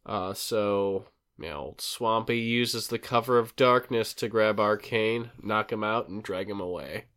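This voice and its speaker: A man's voice: lowish voice, unhurried, few pauses, fairly bright tone. A man casually recapping a show's plot, acting out lines and using many fillers. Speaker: podcast host recapping a show. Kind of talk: casual chat.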